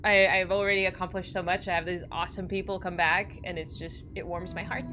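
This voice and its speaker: A woman's voice: on the low side, little pitch movement, a little fast, over music. A woman streaming a video game, chatting casually with viewers, giggly and emotional, often laughing through tears, with many restarts. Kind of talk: casual livestream chat while gaming.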